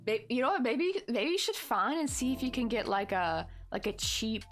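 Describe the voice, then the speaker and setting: A woman's voice: on the high side, sing-song, moderate pace, soft background music. A woman from the United States hosting a crochet livestream, chatting in a rambling, laughing way and reading viewer comments aloud.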